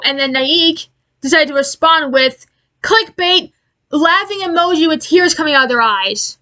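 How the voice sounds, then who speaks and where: High-pitched woman swearing her way through an exasperated youtube rant, lots of restarts. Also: expressive, sharp tone. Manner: profane, exasperated, halting with many restarts. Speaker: aviation commentary YouTuber. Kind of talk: angry commentary rant.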